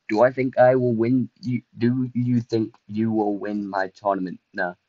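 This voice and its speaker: A low-voiced young man riffs through his livestreamed game, excitable and self-mocking, scattering fillers as he goes. The sound is dry and a little dull, like a close home mic. He jumps between groans, little boasts and chat with viewers. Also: no echo. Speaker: streamer. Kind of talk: casual livestream gameplay commentary.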